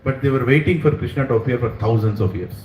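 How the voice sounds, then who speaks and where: A man telling a devotional story with lively, dramatic delivery and middle pitch. He sounds set back from the mic in a roomy hall. Faint background noise hums under him. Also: quick pace, recorded from a distance. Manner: animated, dramatizing, mixes in Hindi phrases. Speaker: spiritual storyteller.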